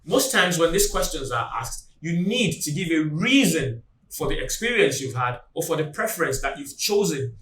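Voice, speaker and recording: A man teaching an exam-prep lesson in a deliberate, emphatic way, slowing down for example phrases. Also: fairly high pitch, very animated, a bit bright, roomy sound, recorded from a distance, a little hiss or hum, rough recording. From Nigeria. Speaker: IELTS tutor. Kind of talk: instructional video lesson.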